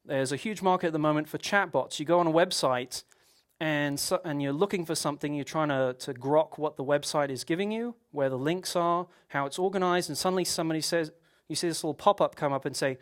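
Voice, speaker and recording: This conference speaker has a fairly high-pitched male voice and a fairly quick delivery. His technical talk runs long, full of rhetorical questions and frequent restarts.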